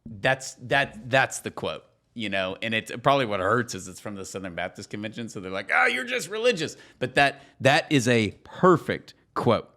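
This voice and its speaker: Low-voiced joking podcast co-host man. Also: normal speed, bright, forceful tone. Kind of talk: casual podcast chat.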